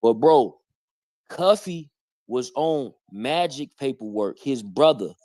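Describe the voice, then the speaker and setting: A man hosts a live stream and picks apart claims in blunt, confrontational street slang. His voice sits at an everyday pitch. The sound is dry, with no room echo. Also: animated, slow pace, mellow. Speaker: stream host. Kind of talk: heated live-stream commentary.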